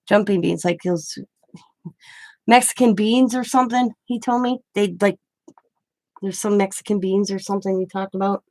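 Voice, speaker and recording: A woman's voice: mid-range voice, moderate pace, long pauses, a little mellow, dry recording. A middle-aged woman hosting a craft channel, chatting casually and rambling through stories while she works. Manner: rambling, storytelling with restarts.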